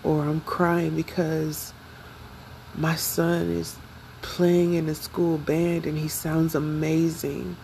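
Young woman, unhurried and emotional, gravelly edge, confessional vlog. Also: sits low, little pitch movement, darkish tone, a little hiss or hum, rough recording. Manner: slow, reflective, emotional. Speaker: vlogger.

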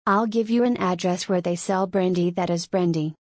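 A woman's voice: on the low side, steady tone, moderate pace, a little mellow, no echo, natural voice. Lady reading a jaunty young army officer guy, teasing and offhand, storybook reading, dry close sound. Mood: breezy. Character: jaunty young male cavalry officer, breezy.

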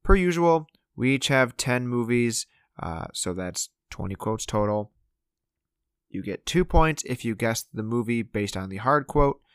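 A man co-hosts a relaxed podcast in an easy, joking way. His voice sits in a middle register. The sound is dry and close, with no room around it. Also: medium pitch, smooth, dry recording. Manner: playful, jokey, does quick impressions. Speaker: podcast co-host. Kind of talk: casual podcast chat.

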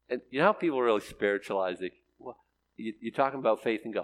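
An older man delivers a sermon in a lively, animated voice, his pitch rising and falling widely. He swings from loud, emphatic declarations to hushed, quiet asides. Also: rapid-fire. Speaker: preacher.

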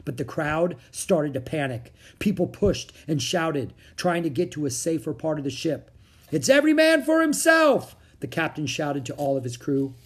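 A reader narrating a children's book in a steady storytelling manner. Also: mid-range voice, normal speed, few pauses, breathy edge. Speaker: audiobook reader.

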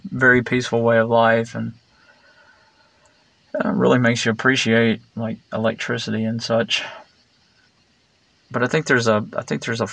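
Male vlogger, gravelly, dry close sound, rambling blunt monologue with fillers. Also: mid-range voice, a bit bright, no echo. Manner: meandering, digressive, many fillers and restarts; blunt and sarcastic.

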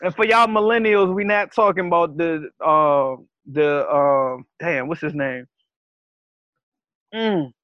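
A man's voice: a little high, takes it slowly, no echo. Laid-back man with a dull, dry sound. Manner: laid-back, laughs easily, slangy. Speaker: podcast co-host. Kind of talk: casual chat.

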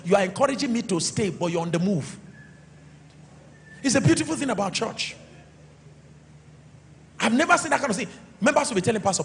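A middle-aged Nigerian man preaching a sermon as pastor, calling for responses and swinging between shouts and quiet asides. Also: sits high, animated, fast, creaky, pauses often, long reverb tail. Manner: preaching with call-and-response, sudden shouts then soft asides.

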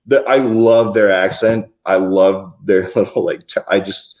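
A man with a West Coast accent chats on a podcast in a lowish voice, rambling and laughing as he loses his thread. The audio is a little dull and lo-fi. His sentences trail off and restart often. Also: fairly even intonation, unhurried, a little mellow. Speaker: podcast co-host. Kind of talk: casual chat.

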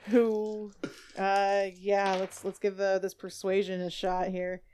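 A woman's voice: mid-range voice, monotone, takes it slowly, a little mellow, a little hiss or hum. A woman player in a tabletop game, talking lightly and casually.

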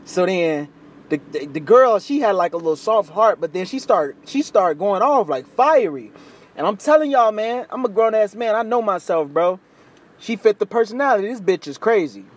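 A young man telling a crude, slangy story in casual chat, acting out other people's voices with big jumps. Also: moderate pace. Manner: animated, acts out quoted voices with big pitch jumps; crude slangy street talk.

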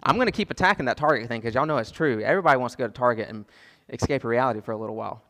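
A man's voice: medium pitch, very fast, bright, forceful tone, long reverb tail. A man preaching a sermon as pastor, impassioned, repeating phrases for emphasis and acting out prayers.

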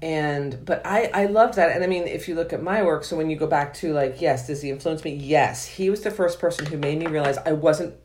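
A woman with a notably low voice talks through a favorite book in relaxed conversation. She is enthusiastic and rambling, often circling back and restarting her thoughts as she goes. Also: fairly quick, few pauses, slight background noise. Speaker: author and podcast guest. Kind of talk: casual book discussion.

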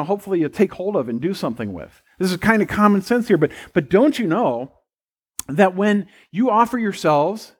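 A middle-aged man preaches a sermon in a loose, conversational way. His voice sits fairly high and swings widely in pitch. He slips into playful quoted voices as he makes his points. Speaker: pastor.

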